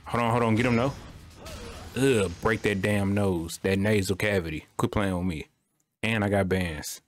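Low-voiced young man joking through gameplay. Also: fairly even intonation, normal speed. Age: young adult. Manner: loose slangy running banter. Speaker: gaming streamer. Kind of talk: casual gameplay commentary.

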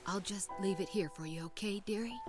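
A woman's voice: medium pitch, fairly quick, music in the background, natural voice. A woman playing a kindly, fussing older neighbour in a video game, speaking in a motherly way. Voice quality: warm, motherly.

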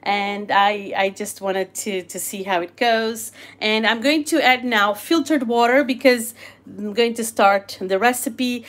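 A woman's voice: a little high, a little slow, echoey room. Bubbly woman hosting a live cooking stream. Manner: bubbly, greets viewers warmly. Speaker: cooking channel host. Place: home kitchen. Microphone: phone.

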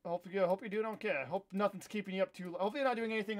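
A young man from Iowa in his twenties, hosting a live gameplay stream and chatting in a rambling way, with sudden loud outbursts when the game goes wrong. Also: high-pitched, racing, hardly any pauses. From Iowa, USA. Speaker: livestream host. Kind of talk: casual live gameplay chat.

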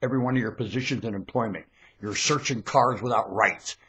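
A man delivering a preachy, ranting monologue into a webcam microphone, lurching between muttering and shouting. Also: medium pitch, fairly quick.

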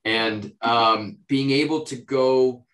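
A man from the United States talks easily as an interviewed actor, wandering through his answers with ums and restarts. His voice sits at a middle pitch and carries a roomy echo. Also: slow. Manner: relaxed, rambling, lots of fillers and restarts.

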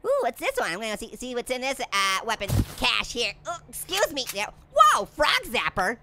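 Cartoon orange, male: very high, bouncy, giggly, pun-happy game commentator; noisy track. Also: wildly swooping pitch, normal speed, heavily acted. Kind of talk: gameplay commentary. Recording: noisy recording.

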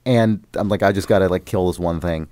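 A man's voice: sits low, a little fast, mellow. A man on a podcast, telling a long, rambling story about a video game in casual chat, often swearing and getting worked up. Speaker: podcast host.

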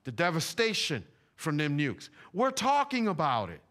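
Animated conversational preacher, a man. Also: a little high, normal speed. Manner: animated, conversational preaching with slang and repeated phrases. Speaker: pastor. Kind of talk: sermon. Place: church sanctuary.

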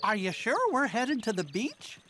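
A woman's voice: on the high side, animated, moderate pace, close to an everyday voice. A woman voicing a cheerful male cartoon mouse who leads the way and coaxes viewers to call out, over background music. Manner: upbeat, coaxing the audience to call out.

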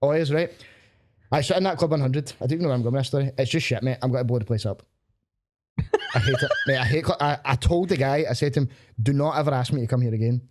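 A man's voice: medium pitch, wildly swooping pitch, quick pace, a little hiss or hum. A Scottish man, a stand-up comedian, telling gig stories in casual podcast chat, laughing often and swearing freely. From Glasgow, Scotland.

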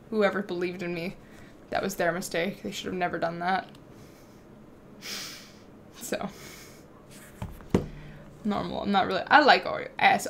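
A young woman streams a game live, chatting casually, excitable, swearing freely, and talking back to her chat. Her lowish voice is creaky, moderately paced, and full of pauses, with a little hiss or hum in the audio.

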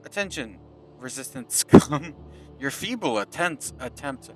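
A man reading out the lines of a boastful, menacing male enemy general from a war game, slow and theatrical, over loud game music. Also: medium pitch, natural voice. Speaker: villain general read aloud by a gamer.

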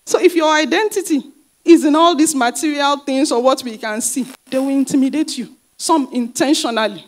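A woman pastor delivers a sermon in a fairly high voice. She drives her points home by repeating phrases and asking rhetorical questions, then answering them herself. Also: moderate pace.

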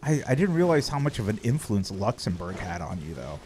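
A man's voice: on the low side, big pitch swings, fairly quick, a little mellow, slight background noise. A man chatting casually on a live game stream, playful and joking, swearing freely. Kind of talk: casual live-stream chat while gaming.

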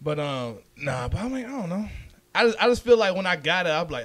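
Give me a high, lively man joking around on a podcast. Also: a little fast. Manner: joking, swearing, slangy, laughs often. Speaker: podcast co-host, comedian. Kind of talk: casual podcast chat.

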